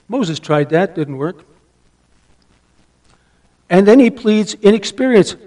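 Man, preacher, high voice, emphatic sermon, rhetorical questions. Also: lively intonation, measured pace, long pauses. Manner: emphatic, dropping to a hush for stress; asks the listeners rhetorical questions.

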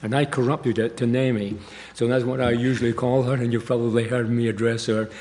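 An older man, a pastor leading prayer and reading scripture in a measured, earnest way. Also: mid-range voice, level tone, darkish tone. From Scotland. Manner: measured, earnest, with pauses and asides.

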